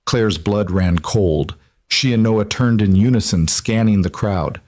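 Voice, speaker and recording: A man giving scripted narration of a story in an even, measured way. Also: lowish voice, no room sound, studio quality.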